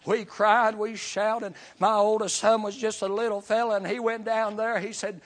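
Preaching a revival sermon, a man shares his testimony in short, rhythmic bursts, adding "amen" to nearly every phrase. He swings between full shouts and hushed, low lines, almost whispering, speaking at normal speed with few pauses and little pitch movement.

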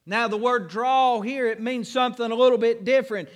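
Preacher, high-pitched male voice, homespun stories building to fervent preaching, reverberant hall. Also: steady tone, brisk. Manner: folksy storytelling, rising to fervent preaching. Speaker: pastor. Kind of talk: sermon.

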